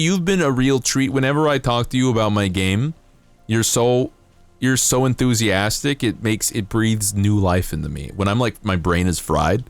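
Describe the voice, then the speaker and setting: Young male streamer, lowish voice with a lively swing, profane and rambling over faint music. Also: creaky, no room sound. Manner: animated, rambling, profane, self-mocking rants. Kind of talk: casual live-stream chat while gaming.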